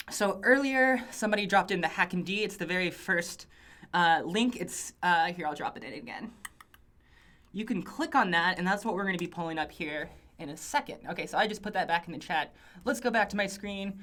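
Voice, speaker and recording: A woman's voice: fairly low pitch, fairly bright tone. A woman hosting a casual live stream from a small office studio, reading out viewer greetings in an upbeat, rambling way with lots of fillers. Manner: chatty and upbeat, rambling asides with frequent fillers. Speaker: livestream host.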